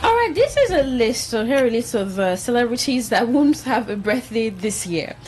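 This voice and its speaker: A woman's voice: on the high side, sing-song, moderate pace, a little mellow, faint music behind, poor audio. A woman hosting an entertainment segment in a radio studio, chatting and reading items aloud with asides. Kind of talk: casual studio chat.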